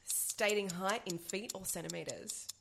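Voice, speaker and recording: A woman hosting a podcast in casual chat, enthusiastic and quick to laugh. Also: medium pitch, vocal fry, background noise. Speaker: podcast host.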